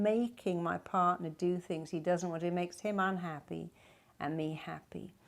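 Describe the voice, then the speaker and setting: A middle-aged woman therapist speaks straight to the viewer about love and desire. Her voice sits a little low, but she is animated and slips into character to quote what partners say. It is direct, practical advice. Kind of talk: talking to camera, advice.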